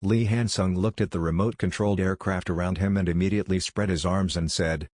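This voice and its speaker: A man narrating a comic story recap in a steady, even way. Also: sits low, fairly quick, few pauses, dry recording, clean studio sound.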